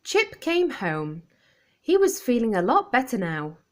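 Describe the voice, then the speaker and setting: A woman reads a children's picture book aloud, clearly and expressively for young children. Her pitch swings up and down with a lively lilt. She reads at an unhurried, slow pace. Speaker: storyteller.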